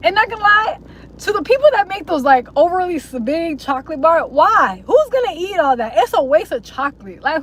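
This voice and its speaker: A woman's voice: very high-pitched, sing-song, fairly quick, fairly bright tone, slight background noise, low-quality recording. A young woman live streaming, chatting casually to her viewers in a rambling, slangy way with plenty of swearing. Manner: rambling, slangy and profane, mocking voices. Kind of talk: casual livestream chat to viewers.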